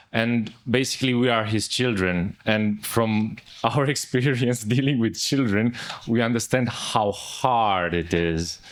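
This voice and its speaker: A man, a father, speaking earnestly and casually in a conversation, now and then adding "man". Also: lowish voice. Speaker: father in a spiritual community.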